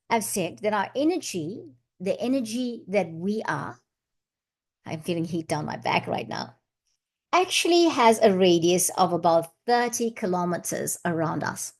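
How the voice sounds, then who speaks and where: A woman with a medium-pitched, very animated voice speaks at a measured pace. She hosts a casual spiritual vlog, chatting and wandering through many asides, and now and then slips into flowing chanted syllables.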